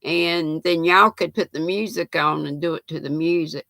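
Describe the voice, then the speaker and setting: A woman's voice: sits low, steady tone, moderate pace, gravelly, pushed and bright, no echo. A woman, chatting casually with viewers, reading out comments and laughing often on her livestream. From United States. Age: 60s. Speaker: livestream host reading chat. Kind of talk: casual chat.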